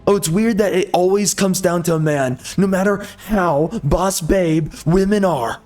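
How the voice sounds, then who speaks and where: Guy ranting angrily over a game, sarcastic, kinda high voice, faint music behind. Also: a little slow, a little mellow. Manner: angry, sarcastic, mocking. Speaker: gameplay video host. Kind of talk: ranting commentary over gameplay.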